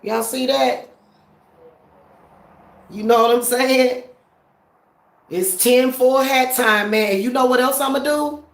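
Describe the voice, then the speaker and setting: A woman's voice: sits high, takes it slowly, long pauses, roomy sound. Blunt, profane woman ranting at home. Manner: blunt, profane, laughing, talks straight to viewers. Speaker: spiritual practitioner vlogger. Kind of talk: casual ranting vlog.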